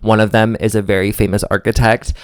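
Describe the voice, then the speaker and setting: A young man co-hosting a podcast, telling a long story in a campy, animated way and often acting out quoted voices. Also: fairly low pitch, a little fast, clear, resonant tone, no room sound, clean studio sound. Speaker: podcast co-host. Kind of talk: casual chat, storytelling.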